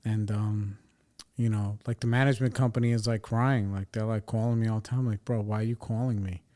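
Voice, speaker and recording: A man with a lowish voice tells a long story in a loose, rambling monologue. He vents with plenty of swearing and animated asides, like a podcast host talking to his listeners. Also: fairly quick. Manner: rambling, profane, animated venting.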